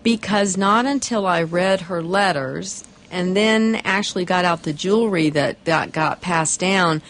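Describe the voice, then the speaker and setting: A woman's voice: on the low side, measured pace, a bit bright. A woman author answering interview questions, often repeating words as she thinks. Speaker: author and guest. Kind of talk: radio interview.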